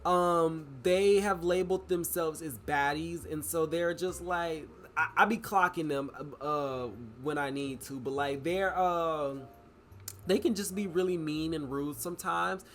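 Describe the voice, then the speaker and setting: Young male vlogger, casual, rambling, filler-heavy; slightly high pitch. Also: measured pace, a bit bright, slight background noise. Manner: rambling, many "like" fillers and restarts. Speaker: vlogger and writer. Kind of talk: casual vlog chat.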